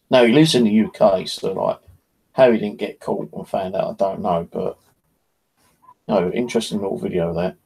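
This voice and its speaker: A man's voice: lowish voice, fairly even intonation, moderate pace, creaky, pauses often, a little mellow, husky, low-quality recording. A man, hosting his channel in a casual, rambling chat, blunt and full of swearing. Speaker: paranormal channel host.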